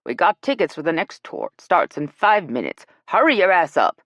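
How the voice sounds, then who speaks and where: A woman's voice: on the low side, very animated, normal speed, a bit bright, no echo, muffled recording. A woman voicing a blunt, teasing older woman with a brash, bossy manner, in an audiobook.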